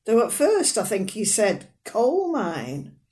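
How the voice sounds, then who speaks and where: A woman performing a dramatic monologue as a fussy, proud, sharp-tongued elderly northern mother with a dry, plain-spoken manner. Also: mid-range voice, wildly swooping pitch, slow. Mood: wry.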